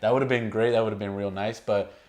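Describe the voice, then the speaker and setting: A man's voice: lowish voice, fairly even intonation, quick pace, over a noisy crowd. A man co-hosting a casual movie review chat, rambling with many fillers and restarts. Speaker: co-host.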